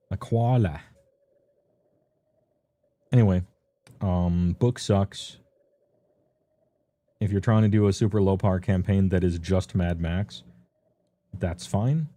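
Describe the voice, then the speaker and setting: A man's voice: deep voice, dark tone. A man streaming a casual, rambling rundown of tabletop game books, offhand and full of ums. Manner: loose and offhand, many ums, laughs at himself.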